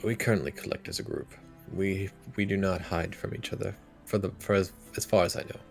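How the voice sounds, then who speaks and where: Very deep, gravelly man in role-play. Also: fairly even intonation, faint music behind. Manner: earnest, formal, halting. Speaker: player. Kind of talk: in-character tabletop role-play.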